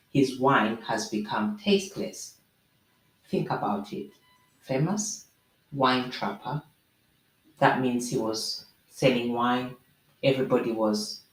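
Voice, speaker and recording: A woman host explaining proverbs to viewers in an animated, preachy way with jokey asides. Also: extremely low pitch. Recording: roomy echo.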